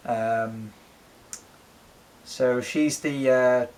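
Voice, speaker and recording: A man's voice: mid-range voice, fairly even intonation, extremely slow, a little mellow, low-quality recording. A man chatting casually at home about his collection, rambling with lots of ums and frequent swearing. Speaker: doll collector and co-host. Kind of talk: casual chat showing a collection.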